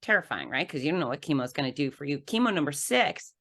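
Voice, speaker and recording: A woman with a deep, low-pitched voice speaks as a podcast guest. She tells her story vividly, acting out the scenes and laughing at herself along the way. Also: fast. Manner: animated storyteller who acts out scenes with laughs. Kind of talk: conversational storytelling.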